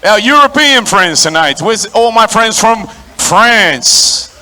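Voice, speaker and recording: Guy ring announcer hyping the crowd at a boxing stadium, high voice, really bright. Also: expressive, slow pace. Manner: booming, crowd-working, calls out to the audience.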